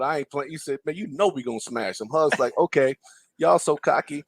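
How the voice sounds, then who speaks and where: A man with a slightly high, creaky voice and a breathy edge speaks briskly, with no room sound. As a podcast guest and ex-player turned broadcaster, he tells basketball stories in casual conversation, animatedly voicing the quotes of those involved.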